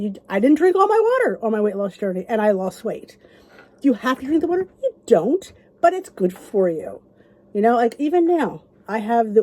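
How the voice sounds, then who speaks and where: Chatty woman with a mellow voice. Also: on the high side. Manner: chatty, rambling, encouraging. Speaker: vlogger. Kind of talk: casual chat to camera.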